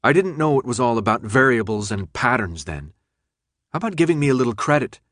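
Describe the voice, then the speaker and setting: A man's voice: mid-range voice, animated, fairly quick, a bit bright, no room sound, studio quality, close to an everyday voice. A man reading an audiobook, voicing a young woman who pleads her case insistently. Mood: pleading.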